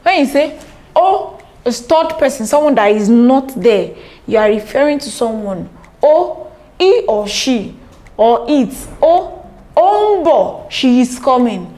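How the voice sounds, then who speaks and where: A woman's voice: on the high side, animated, a little slow, darkish tone. A woman teaching a language lesson, patiently repeating each word several times and translating it.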